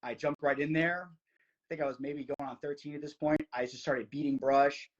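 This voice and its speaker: A young man from New Jersey, a podcast guest, telling a story in casual chat, fast and eager, full of "like" fillers. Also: a little high, dull audio. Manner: excited, fast, many "like" fillers.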